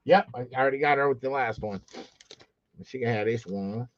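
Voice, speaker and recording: A man's voice: mid-range voice, moderate pace, lo-fi sound. A man hosting a live sports card auction stream, teasing his chat with profane jokes and calling out bids.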